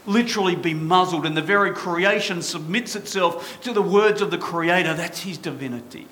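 A man's voice: high voice, moderate pace, sharp tone, slight background noise. A man preaching a sermon as pastor, passionate and full of rhetorical questions to his congregation.

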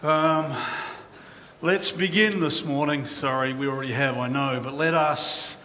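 A man's voice: medium pitch, sharp tone, in a large hall, a little hiss or hum. A man pastor preaching and praying with a fervent, repetitive cadence. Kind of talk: sermon and prayer.

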